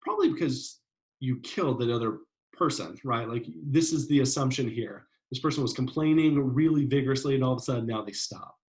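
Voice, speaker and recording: A man's voice: medium pitch, brisk, a little mellow, low-quality recording. A man giving a psychology lecture in a casual, conversational way, often checking in with "right?" and using fillers. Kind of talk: classroom lecture.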